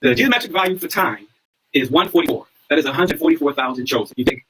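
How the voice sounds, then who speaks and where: A man's voice: on the high side, fast, bright, forceful tone, breathy edge, rough recording. A man hosting a livestream monologue, preaching in a repetitive way and often asking listeners whether they understand. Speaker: livestream host.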